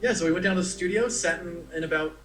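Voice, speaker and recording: Talking fast in a high, somewhat bright voice, this commercial actor rambles chattily through stories as an interview guest, often restarting. Faint music plays in the echoey room.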